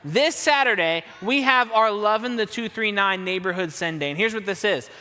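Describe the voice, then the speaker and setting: A man's voice: high voice, expressive, normal speed, pushed and bright, in a large hall. A young man making upbeat church announcements to his youth group, enthusiastic and repeating words for emphasis.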